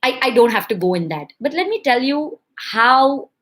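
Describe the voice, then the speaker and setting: Young woman chatting to parents about raising kids, animated, playful. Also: high-pitched, normal speed. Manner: lively, animated, acts out parents and kids in quotes. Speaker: parenting educator. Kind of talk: casual instructional talk to parents.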